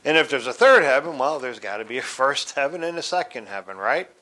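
A man teaching from the Bible in a deliberate, explanatory way, spelling out words letter by letter. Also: medium pitch, very animated, bright, forceful tone.

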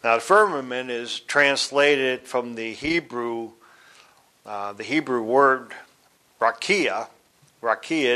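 A man teaches from the Bible in a deliberate, explanatory manner, spelling words out letter by letter. His mid-range voice sounds pushed and bright.

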